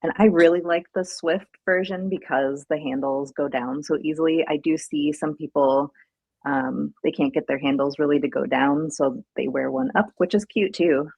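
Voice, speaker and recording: Low, husky-voiced woman guest. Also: steady tone, moderate pace, darkish tone, dry recording. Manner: easygoing, demonstrating and explaining. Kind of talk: casual chat.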